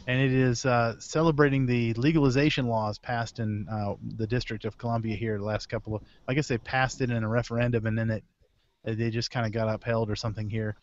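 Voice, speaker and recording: A man's voice: mid-range voice, steady tone, fairly quick, muffled recording. Chatty man hosting a beer podcast. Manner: rambling, self-correcting, chuckles between items. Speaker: podcast host. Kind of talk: casual beer podcast chat. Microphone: video call.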